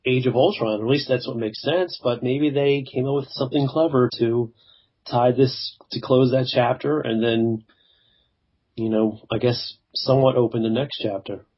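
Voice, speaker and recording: A man co-hosting a casual podcast chat, relaxed and blunt, swearing now and then. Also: medium pitch, normal speed, breathy edge. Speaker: podcast co-host. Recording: dull lo-fi sound.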